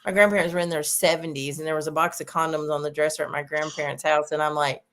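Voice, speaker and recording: A woman's voice: deep voice, flat delivery, quick pace, a bit bright. A woman guest on a radio talk show, candidly telling a story with giggles. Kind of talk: casual radio chat.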